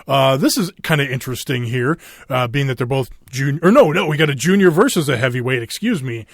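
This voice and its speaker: A man's voice: mid-range voice, lively intonation, fairly quick, gravelly, no room sound, clean studio sound. A man with a Minnesota accent hosting a wrestling podcast, talking in a loose, rambling way full of fillers and swearing. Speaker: podcast host. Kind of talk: casual chat.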